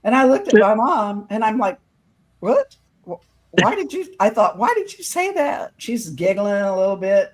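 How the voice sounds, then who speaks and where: A middle-aged woman earnestly telling a personal story in casual podcast talk, quoting others in lively voices. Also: on the low side. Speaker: guest telling her own experience.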